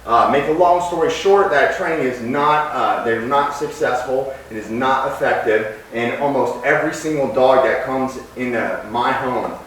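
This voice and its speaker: A man who trains dogs, explaining his methods and giving short, sharp commands to the dog as he works. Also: medium pitch, normal speed, few pauses. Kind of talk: instructional commentary while training. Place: home training space with dogs. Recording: very echoey room, distant mic, faint noise.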